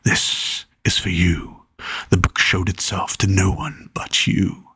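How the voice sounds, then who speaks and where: A man voicing a solemn, mysterious spirit with a deep, whispery voice in a storybook reading. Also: flat delivery, slow pace, bright, forceful tone, breathy edge, no room sound, clean studio sound, exaggerated voice.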